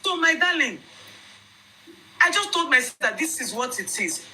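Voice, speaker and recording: A young Nigerian woman with a Nigerian accent telling viewers her own story in an emphatic, animated way. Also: high voice, moderate pace, slight background noise, low-quality recording. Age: young adult.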